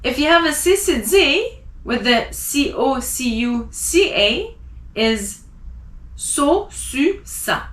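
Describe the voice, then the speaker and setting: A woman teaching French pronunciation, spelling out letters and slowly repeating example words. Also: high voice, big pitch swings, a bit bright, roomy sound.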